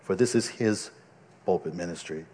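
A man's voice: deep voice, moderate pace, warm tone, in a large hall. A male pastor preaching a sermon from the pulpit, earnest and conversational, often restarting his sentences. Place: church pulpit.

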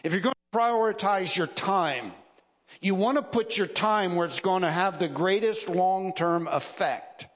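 A male pastor preaching at a slow, deliberate pace, his fairly high voice carrying through a church sanctuary. The long reverb of a large hall trails each emphatic, repeated phrase. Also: a bit bright. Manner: emphatic preaching with repetition and rising stresses. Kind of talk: sermon.

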